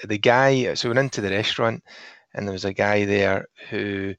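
A man's voice: lowish voice, steady tone, normal speed, a bit bright, dry recording. A man co-hosting a podcast, chatting casually and telling rambling anecdotes with frequent laughs. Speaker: podcast co-host. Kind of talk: casual chat.

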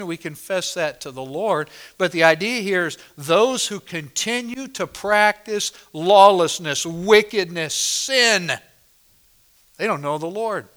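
A man's voice: high-pitched, bright, forceful tone, smooth. A male pastor preaching a sermon at a church service, emphatic and driving home points by repeating phrases.

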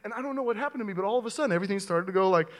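A young man preaching as a pastor, telling a comic story to his church and getting loud and animated at the funny parts. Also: high voice, very fast. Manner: animated storyteller, voice rising sharply with excitement. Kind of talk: sermon with a comic personal story. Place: church auditorium with audience.

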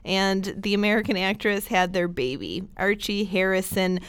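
A young woman hosting a podcast in casual chat, energetic and chatty, laughing often. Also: medium pitch, normal speed, smooth, no room sound. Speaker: podcast host.

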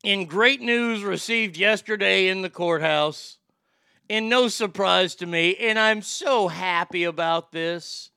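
A man rants bluntly and profanely as host, acting out the exchanges he quotes. His voice is high and bright with a gravelly edge. It is clear and smooth, recorded close and dry. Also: slow, no echo. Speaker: podcast host. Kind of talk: ranting commentary.

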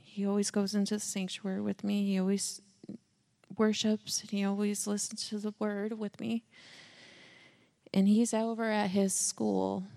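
A woman's voice: medium pitch, little pitch movement, unhurried, vocal fry, mellow. A mother sharing a heartfelt church testimony, earnest and emotional.

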